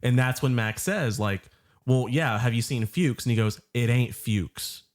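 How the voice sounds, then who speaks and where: A man's voice: medium pitch, moderate pace. A man guest on a film podcast, casually laying out his theories and adding details about scenes. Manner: lays out theories, adds details.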